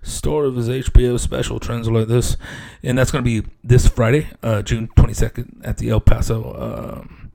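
A man riffs loosely as a comedy podcast host, joking and looping back on "yes, yes" and "man". His mid-pitched voice has a noticeable creak, recorded in a podcast studio. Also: flat delivery, normal speed, hardly any pauses, dark tone. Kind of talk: casual comedic monologue.

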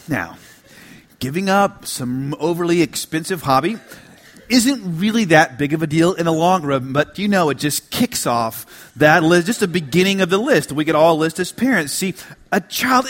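A middle-aged man preaching a sermon, telling stories with humor and moving between quiet asides and emphatic lines. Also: sits high. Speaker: pastor.

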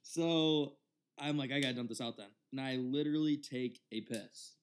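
A man in his twenties casually telling a long story on a podcast, rambling and animated, acting out the other people's lines. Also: mid-range voice, normal speed. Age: 20s. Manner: rambling, animated retelling with quoted dialogue. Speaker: podcast host.

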